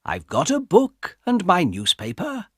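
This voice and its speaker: A man voicing a small, quiet man in his fifties with mild, fussy thoughts. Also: high-pitched, huge pitch swings, a little slow, husky, dry recording, studio quality, pitched above the performer's own voice, heavily acted. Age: 50s. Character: small, quiet fifty-year-old man who dislikes noise.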